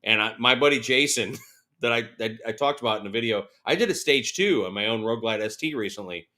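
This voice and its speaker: Bright-voiced man telling bike stories. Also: mid-range voice, brisk. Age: 40s. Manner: animated storyteller, laughing, acts out quotes. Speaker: guest. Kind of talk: casual interview.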